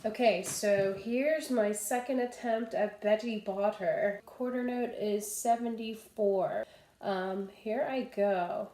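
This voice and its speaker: A woman's voice: mid-range voice, takes it slowly, mellow, a little hiss or hum. Chatty woman vocal coach, roomy sound. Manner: chatty and self-amused, breathy sighs during exercises. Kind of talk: casual vocal warm-up lesson. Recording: roomy echo.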